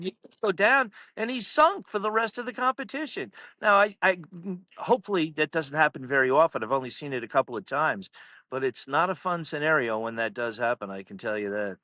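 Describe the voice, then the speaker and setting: A man, a powerlifting meet announcer, telling stories in casual chat, animated and laughing often. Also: high voice, no echo. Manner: animated, laughs through stories, acts out quotes loudly. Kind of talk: casual storytelling.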